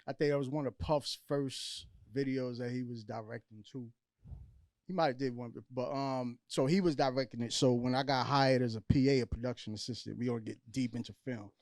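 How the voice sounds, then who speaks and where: A man's voice: medium pitch, steady tone, brisk, a little mellow, no echo, studio quality. A man from Brooklyn with a New York accent, telling stories as a podcast guest in a laid-back, slangy way. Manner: laid-back storyteller, street slang like "ill". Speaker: guest filmmaker. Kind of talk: casual interview chat.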